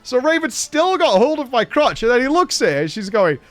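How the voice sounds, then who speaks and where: A man's voice: very high-pitched, brisk, no echo. A man, hosting a casual podcast and telling a story with lots of swearing and laughter. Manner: animated, swears a lot, laughs through the story. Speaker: podcast host.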